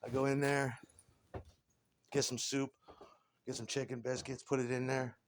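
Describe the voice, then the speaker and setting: A man's voice: mid-range voice, little pitch movement, normal speed, slight background noise. A man in his forties delivering a rambling, crude comic monologue, laughing often and stumbling over repeated words.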